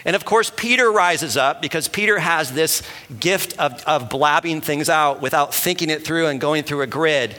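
Male pastor, bright forceful voice, chatty sermon style, long hall reverb. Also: fairly high pitch, moderate pace, hardly any pauses. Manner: conversational, animated, asks the room questions. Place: church hall with an audience.

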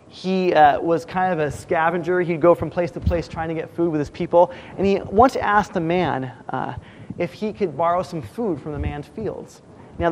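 High-voiced man preaching a sermon. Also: slight background noise, poor audio. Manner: conversational preaching, acts out quoted voices. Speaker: pastor.

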